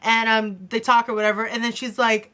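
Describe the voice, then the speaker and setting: A young woman chatting excitedly in a casual TV episode review, gushing and breathless, with lots of fillers. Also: a little high, brisk. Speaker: TV review vlogger. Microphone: camera on her desk after her phone stopped recording.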